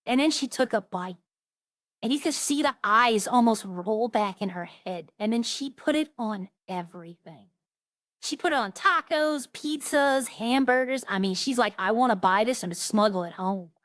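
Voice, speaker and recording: A woman's voice: fairly high pitch, animated, a little slow, a bit bright, no room sound. A woman chatting casually on a roleplay stream, rambling through funny stories and imitating the people she quotes.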